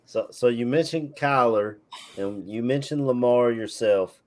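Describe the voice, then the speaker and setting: A podcast co-host from Chicago, asking questions in a lively, joking way. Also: male voice, mid-range voice, a little slow, noisy background. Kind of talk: casual interview questions.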